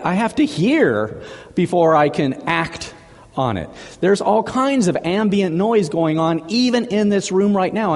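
A male pastor delivers a chatty sermon, repeating words as he goes. His voice is a little high and swoops up and down with lots of animation. The sound carries a long echo from a big hall. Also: darkish tone.

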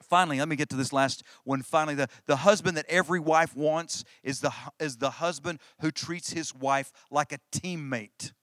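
Middle-aged male pastor, conversational sermon, slightly high voice, dry close mic. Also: moderate pace, few pauses, fairly bright tone, no echo. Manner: conversational preaching with repeated restarts and emphatic phrases.

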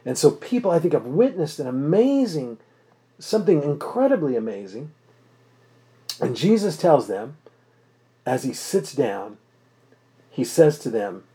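A man's voice: mid-range voice, very animated, mellow. Emphatic conversational male preacher. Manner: emphatic, slowing down to stress key phrases; acts out the crowd's doubting voices in quotes. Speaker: pastor. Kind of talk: conversational expository sermon.

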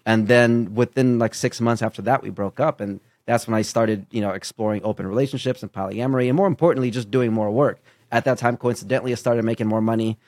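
A man in a casual podcast conversation, candid and animated, telling a personal story with asides. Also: mid-range voice, fast talker, dry recording, studio quality.

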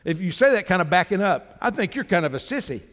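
A man's voice: sits high, sing-song, quick pace, fairly bright tone, long reverb tail. A man pastor preaching a sermon, emphatic, climbing into fervent exhortation.

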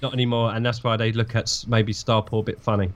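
A man's voice: fairly low pitch, flat delivery, fast talker, muffled recording. A man co-hosting a podcast, reading fan fiction aloud and teasing it with a laugh. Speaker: podcast co-host.

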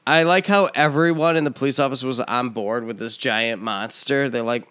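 A man's voice: mid-range voice, measured pace, a bit bright, clear, resonant tone. A man co-hosting a podcast, sharing movie trivia in casual chat and laughing easily. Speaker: podcast co-host.

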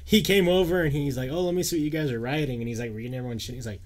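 A man's voice: mid-range voice, steady tone, very fast, a little mellow. A young man in casual chat, easygoing and hesitant with fillers as he tells a story.

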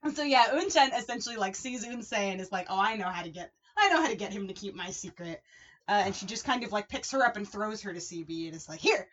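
A woman's voice: mid-range voice, quick pace. Woman cohost chatting casually, laughs a lot, voices the characters, kinda muffled lo-fi sound. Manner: animated, laughs often, acts out characters' lines. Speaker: podcast co-host. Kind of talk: casual recap chat. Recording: dull lo-fi audio.

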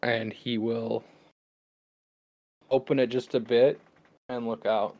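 A man's voice: medium pitch, little pitch movement, takes it slowly, no echo, highs cut off. Man from Wisconsin narrating his character. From Wisconsin, United States. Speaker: tabletop game player.

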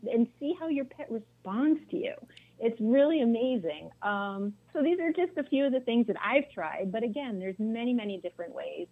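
Chatty woman coach on a phone line. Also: on the high side. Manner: chatty, anecdotal, many "like" fillers. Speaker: wellness coach. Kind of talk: casual podcast conversation. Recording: tinny phone-line sound.

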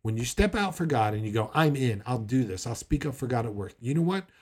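A man's voice: medium pitch, expressive, brisk, a little mellow, husky. A man preaching a sermon in a conversational way, acting out the people he quotes. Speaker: pastor.

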